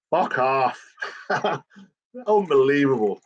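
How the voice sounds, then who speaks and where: A man's voice: mid-range voice, normal speed, long pauses. A man ranting in a casual chat, swearing constantly as he talks. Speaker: channel host. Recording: dull lo-fi recording.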